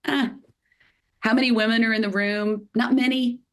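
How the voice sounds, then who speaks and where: A woman in her fifties with a Southern US accent, a podcast guest telling her career story in a lively way with many fillers. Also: on the high side, normal speed. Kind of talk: podcast interview.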